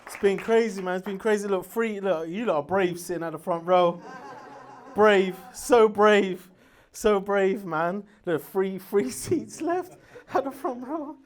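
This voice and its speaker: A man doing a stand-up comedy routine on stage, loud and brash, laughing at his own jokes. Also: sits high, unhurried.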